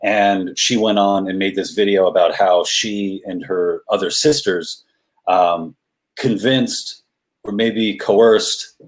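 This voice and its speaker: A man guesting on a chat show as a comedian, talking casually in a halting way with many restarts. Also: deep voice.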